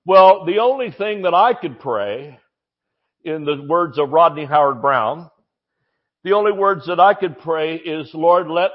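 A high-pitched man preaches a sermon. He talks in a folksy, joking way and leans hard on key lines. The recording sounds dull and lo-fi. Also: expressive, measured pace.

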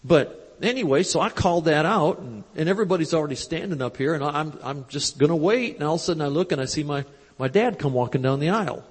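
A man preaching at a live convention, telling a story with quoted dialogue in a folksy, animated way, on a handheld mic. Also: fairly high pitch, fast talker, slightly rough. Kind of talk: storytelling sermon. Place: large church convention hall. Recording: live hall recording with long reverb.

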